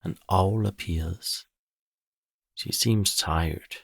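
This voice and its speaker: A man calmly narrating a bedtime story for children in a measured way. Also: sits low, creaky, husky, no echo, studio quality.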